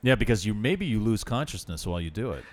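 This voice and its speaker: A man's voice: on the low side, sing-song, fast. A man hosting a casual interview, asking questions and cracking jokes. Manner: wisecracking, asks questions. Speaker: podcast host.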